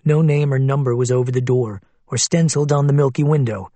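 A man reading a novel aloud in measured, descriptive scripted narration. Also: medium pitch, warm tone, dry recording. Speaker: audiobook narrator.

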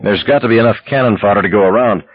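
A man voicing a desperate, angry young husband, low and clipped. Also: fast talker, breathy edge, dry recording, muffled recording. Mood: bitter.

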